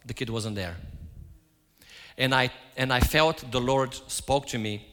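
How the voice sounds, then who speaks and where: A man's voice: mid-range voice, a little slow, fairly bright tone, a little hiss or hum. A man giving a sermon, telling stories and acting out his own quoted lines. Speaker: preacher. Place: church. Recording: hall reverb.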